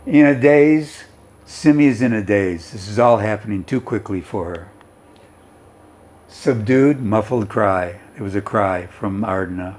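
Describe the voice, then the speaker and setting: Slow, patient male English teacher. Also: lowish voice, a little mellow. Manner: reads aloud and explains, often checking with "okay?". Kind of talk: explaining a story in an English lesson.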